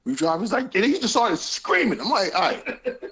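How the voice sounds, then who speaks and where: A young man co-hosting a podcast, telling a story casually with lots of laughter and profanity, acting out the people he quotes in loud voices. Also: high-pitched, big pitch swings, normal speed, husky. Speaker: podcast co-host.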